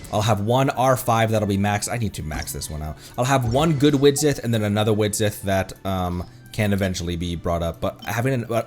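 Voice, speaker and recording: Young male streamer, casual gaming chatter, lowish voice with a lively, bouncing delivery. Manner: chatty, thinking aloud, playful.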